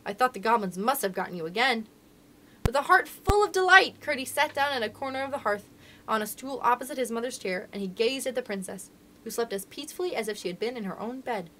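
A woman librarian reading a children's storybook aloud in an expressive, sing-song storyteller manner. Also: a little high, quick pace, a little hiss or hum.

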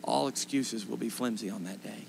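A man's voice: fairly low pitch, moderate pace, gravelly, background noise. Man preaching an emphatic sermon. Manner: emphatic storytelling, rising to loud impassioned pleas. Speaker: pastor. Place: church sanctuary.

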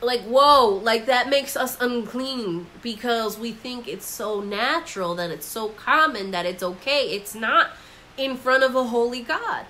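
A woman's voice: a little high, expressive, unhurried, sharp tone, low-quality recording. A woman giving a casual Bible commentary, talking in a conversational way, filled with "like" and acted-out quotes. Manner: conversational, acts out quoted voices with frequent "like". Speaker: Bible teacher.

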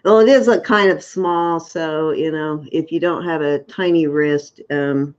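A woman's voice: deep voice, measured pace, a little mellow. A woman selling on a live auction, describing each piece in chatty detail with frequent ums. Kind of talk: casual item descriptions. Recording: dull lo-fi sound.

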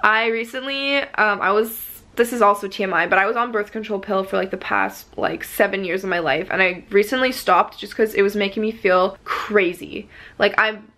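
A woman's voice: medium pitch, normal speed, few pauses, sharp tone. A woman in her twenties, vlogging in a casual confessional way, rambling with lots of "like" fillers, earnest and emotional. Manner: earnest and open.

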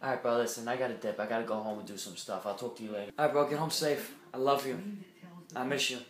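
A young man doing comedy sketches, loud and profane, swinging from mumbles to shouts. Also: mid-range voice, fast, reverberant. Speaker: comedy video maker.

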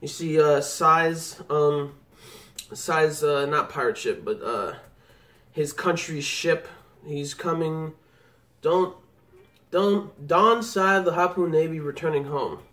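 A man hosting a live manga reaction, excitable and rambling as he reads and exclaims. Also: a little high, slow pace. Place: home computer setup.

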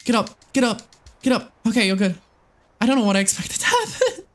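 A young adult game streamer talks live to chat, jumpy, excitable and quick to curse, rambling with restarts and running self-talk as they play. Their voice is middling in pitch, with faint music in the background.

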